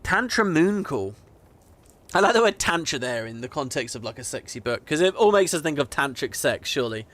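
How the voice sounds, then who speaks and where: A man's voice: medium pitch, quick pace, hardly any pauses. A man hosting a gaming video, chatting casually and reading game text aloud with amused, mock-dramatic commentary. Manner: animated, chuckling, mock-dramatic.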